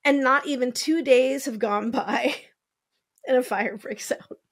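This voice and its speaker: A podcast host with a high voice tells a true-crime story at an unhurried pace. She's chatty and casual, saying "like" often, adding wry asides, and swearing now and then.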